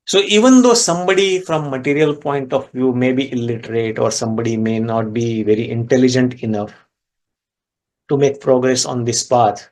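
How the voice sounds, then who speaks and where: A man teaching a scripture class, retelling a devotional story and explaining Sanskrit words step by step, his voice jumping up in pitch at key moments. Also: creaky. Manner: animated storyteller with sudden pitch rises. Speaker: spiritual teacher.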